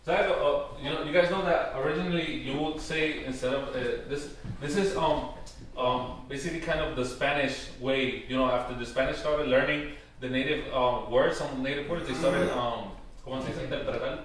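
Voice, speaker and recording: A man giving an informal workshop talk, hesitant and full of "um" and "you know", slowing down to spell out words. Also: mid-range voice, a bit bright. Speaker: workshop presenter on Taíno tradition. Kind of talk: informal teaching talk to a live group. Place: workshop room. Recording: very echoey room, far from the mic, faint noise.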